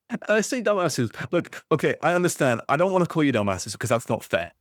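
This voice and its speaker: A man's voice: a little high, sing-song, fast, no echo, studio quality. A man ranting about a video game series he loves, swearing constantly in an exasperated, passionate way. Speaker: gaming YouTuber.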